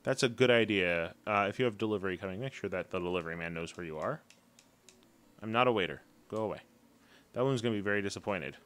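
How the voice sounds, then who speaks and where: Game streamer, male, low-pitched, easygoing chatty delivery. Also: quick pace, a bit bright. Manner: chatty, hums to himself while playing. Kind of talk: casual live-stream chat.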